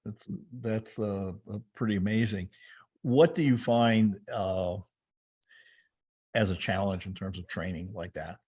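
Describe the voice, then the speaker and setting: A man hosting an interview, talking haltingly with many restarts. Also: fairly low pitch, a little mellow, breathy edge. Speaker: host. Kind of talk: casual interview talk.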